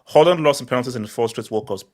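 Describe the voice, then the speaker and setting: A man's voice: mid-range voice, very fast, darkish tone. A man hosting a casual football chat over a video call, reading viewer comments aloud and teasing the others with lots of laughter.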